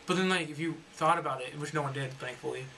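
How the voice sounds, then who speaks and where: A man's voice: a little high, quick pace, gravelly, sharp tone, a little hiss or hum. A man reading his own fan story to friends, rambling and correcting himself as he goes. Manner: rambling, self-correcting narration. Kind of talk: casual read-through with friends.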